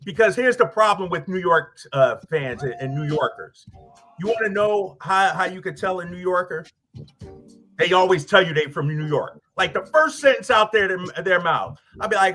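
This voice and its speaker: A man hosting sports radio, ranting in a fired-up, animated way straight at rival fans. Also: high voice, moderate pace, soft background music. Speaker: sports radio host and team broadcaster. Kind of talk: casual sports talk rant.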